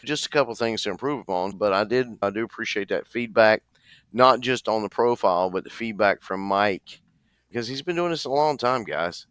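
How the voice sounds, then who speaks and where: A man chats casually on a podcast, jokey and restless, often turning to address his listeners. His voice sits a bit low yet sounds bright and smooth. The recording is close and dry. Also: fairly quick, no room sound. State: restless, leg bouncing while seated. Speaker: podcast co-host. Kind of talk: casual chat.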